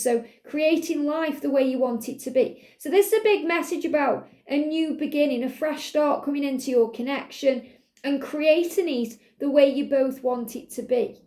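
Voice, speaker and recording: A woman's voice: high-pitched, moderate pace, mellow, reverberant. A woman doing a guided card reading for viewers, speaking in a soothing, repetitive way and addressing the listener directly. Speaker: tarot card reader.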